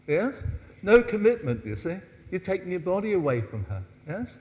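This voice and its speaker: Older dance teacher in a big hall. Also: male voice, high voice, very animated, moderate pace. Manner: coaxing, asks "yes?" often, counts out steps. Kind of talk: dance workshop lesson. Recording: dull distant hall sound.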